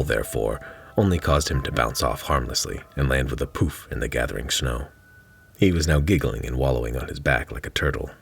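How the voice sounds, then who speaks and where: A man's voice: rumbling low, creaky. A man reading his own fantasy short story aloud in a dry, wry narrating manner.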